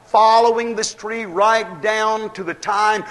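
Man, preacher, high-pitched voice, emphatic sermon, rhetorical questions. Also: fairly even intonation, takes it slowly, a bit bright.

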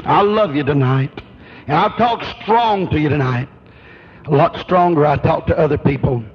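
A man's voice: fairly high pitch, moderate pace, a little hiss or hum. A man preaching a sermon with an emphatic, rhythmic preaching cadence. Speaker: pastor. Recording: dull lo-fi recording.

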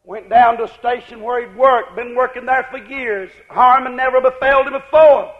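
A man preaching a fiery revival sermon, shouting in a chanting cadence, on a muffled lo-fi recording. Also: very high voice, fairly even intonation, moderate pace.

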